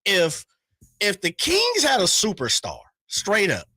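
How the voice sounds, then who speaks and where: A male sports radio host from the Sacramento area, chatting in a hyped, slangy way with quick bursts. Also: high-pitched, wildly swooping pitch, bright, forceful tone, breathy edge, no room sound, studio quality. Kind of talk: casual sports talk radio.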